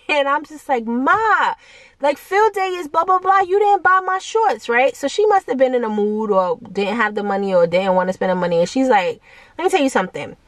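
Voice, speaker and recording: A young adult woman vlogging a casual storytime, animated, with many fillers and asides to her viewers and higher-pitched quoted voices. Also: no echo.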